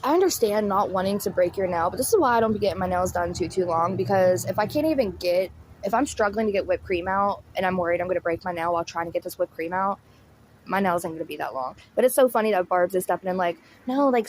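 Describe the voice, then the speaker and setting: A woman's voice: on the low side, fast talker, a little hiss or hum. A woman chatting casually and laughing often as she comments on a clip. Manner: chatty, giggly, slangy. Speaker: commentary YouTuber.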